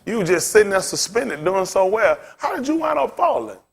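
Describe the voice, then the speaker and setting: A man's voice: high voice, very animated, brisk, gravelly, slightly rough. A male pastor teaching a Bible lesson in a loose sermon style, constantly throwing questions at his listeners. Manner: quizzes listeners with rhetorical questions, casual phrasing.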